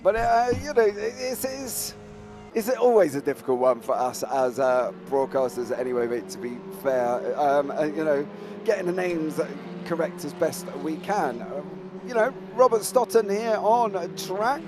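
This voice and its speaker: A man's voice: fairly high pitch, measured pace, background noise. A man doing live sim racing commentary in a chatty way, full of fillers and calling his co-host mate.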